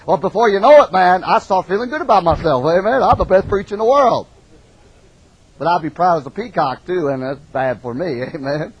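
A man's voice: sits high, animated, fast talker, slightly rough, no room sound, dull audio. A middle-aged man preaching a folksy, emphatic sermon, calling out amens. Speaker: pastor.

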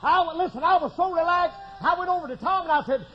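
A man preaching a testimony sermon in a folksy manner, breaking into shouted exclamations. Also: very high voice, fast talker. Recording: dull lo-fi recording with faint noise.

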